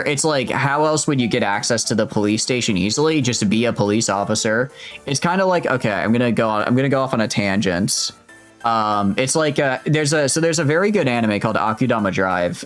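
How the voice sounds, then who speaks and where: A male streamer talks his way through a video game in a loose, rambling manner, often cutting himself off mid-sentence and going off on tangents. His voice sits at an ordinary middle pitch, with quiet music running underneath. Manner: rambling, chatty, self-interrupting, reads game dialogue aloud. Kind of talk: casual let's-play commentary.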